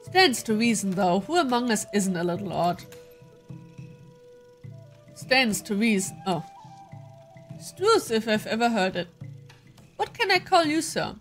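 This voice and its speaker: A woman's voice: mid-range voice, big pitch swings, a little slow, long pauses, soft background music. A woman voicing a friendly male dwarf tinkerer and monster hunter, read in her own plain voice without an accent.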